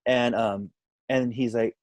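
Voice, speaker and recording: A man tells a casual story in an animated way, jumping into quoted lines as he goes. His voice sits at a middling pitch. The recording is dry and close, with no room sound. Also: slow pace, dry recording. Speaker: podcast guest.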